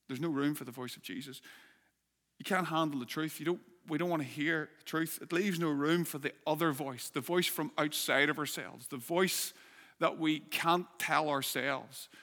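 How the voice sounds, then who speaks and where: A male pastor delivers an earnest sermon, often punctuating points with rhetorical questions. His voice sits a little high and rings bright and forceful. A long hall reverb trails every phrase. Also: moderate pace.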